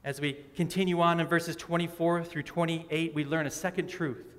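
A male pastor delivers an emphatic sermon in a slightly higher-than-average voice. His words ring through the long reverb of a large church sanctuary, and he keeps asking rhetorical questions and repeating his key lines. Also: steady tone, moderate pace, fairly bright tone.

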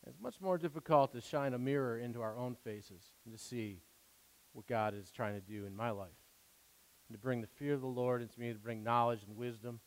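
A man's voice: mid-range voice, a little fast. A man preaching a sermon in an earnest, conversational way, stopping and restarting, acting out quoted prayers. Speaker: pastor. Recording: long hall reverb.

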